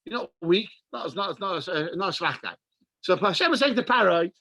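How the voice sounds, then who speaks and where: An English man, a rabbi, teaching a class over a video call and telling stories in an animated way, with Hebrew and Yiddish words mixed in. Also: high voice, moderate pace, no echo, low-quality recording. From England. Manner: animated storyteller, mixes in Hebrew and Yiddish terms. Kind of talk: Torah class with storytelling.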